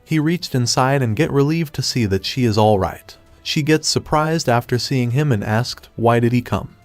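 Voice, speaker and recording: A man's voice: mid-range voice, moderate pace, dry recording, faint music behind. Man reading a dry comic recap. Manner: steady, even storytelling read. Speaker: narrator. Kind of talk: scripted comic recap narration.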